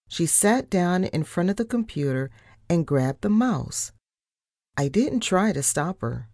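A woman reading a children's chapter book aloud in an expressive, unhurried storytelling manner. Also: on the low side, no echo, studio quality. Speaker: storybook reader.

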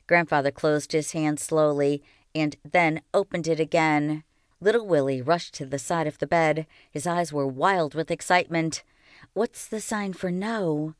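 Low-voiced woman reading a storybook. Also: smooth, no room sound, clean studio sound. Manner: steady, expressive storytelling. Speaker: reader. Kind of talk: reading a children's novel aloud.

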